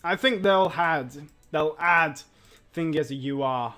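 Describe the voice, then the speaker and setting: A young man streaming a mobile game, swearing and ranting, dropping to mumbles and then shouting. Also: a little high, measured pace, faint music behind. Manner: foul-mouthed, ranting, swings between mumbling and yelling. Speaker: gaming streamer. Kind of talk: casual live-stream commentary.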